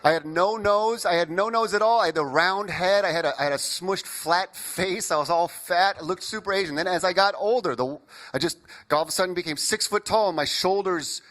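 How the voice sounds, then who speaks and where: High-voiced young stand-up comic. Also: male voice, a little fast. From Indiana, USA. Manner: animated, jokey, riffing with the crowd. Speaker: stand-up comedian. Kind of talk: stand-up comedy set.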